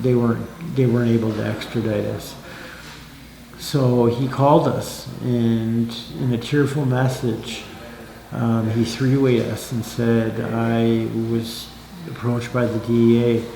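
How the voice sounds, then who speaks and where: A man with a gravelly, creaky mid-pitched voice tells his own story in a halting way, full of fillers and restarts. He recorded it in an echoey room with a faint hiss underneath. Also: mellow. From Canada. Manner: halting, many fillers and restarts, quotes others in a livelier voice. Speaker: interviewee telling his life story. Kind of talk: casual recounting of personal story.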